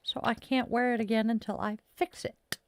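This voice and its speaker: A woman's voice: a little high, flat delivery, normal speed, clean tone. A woman chatting casually with viewers on a stream, rambling and self-deprecating with frequent sighs. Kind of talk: casual live-stream chat.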